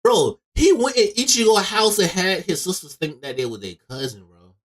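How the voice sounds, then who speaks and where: A man chatting on an anime podcast, lively and quick to quote characters. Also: sits high, breathy edge. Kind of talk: casual chat about anime.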